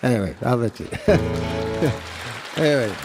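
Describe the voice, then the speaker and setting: A man's voice: medium pitch, lively intonation, measured pace, a loud crowd. A middle-aged man, a singer-songwriter, telling a rambling, chuckling story between songs in a concert hall. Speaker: singer-songwriter performing live. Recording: live concert with guitar.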